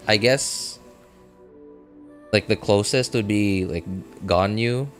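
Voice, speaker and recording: A man chatting casually on a gaming live stream, rambling and self-deprecating, full of fillers like "like" and "uh". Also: fairly low pitch. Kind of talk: casual live-stream chat while playing.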